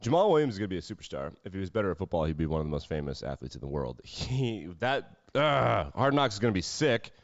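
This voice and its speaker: A man hosts a solo sports podcast in a low voice, full of sarcastic, wry asides. The sound is dry and close, with no room around it. The mic is slightly dull and lo-fi. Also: very animated, fast, few pauses, no echo. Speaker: podcast host.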